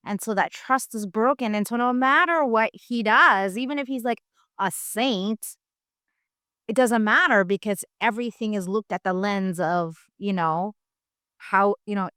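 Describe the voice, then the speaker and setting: A woman's voice: mid-range voice, a little slow, pushed and bright, clear, resonant tone, no echo. A woman host with a middle-range voice chats loosely with her guest and wanders through her thoughts with lots of fillers. The recording is close and dry. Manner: rambling, filler-heavy, searching for words. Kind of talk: casual chat interview.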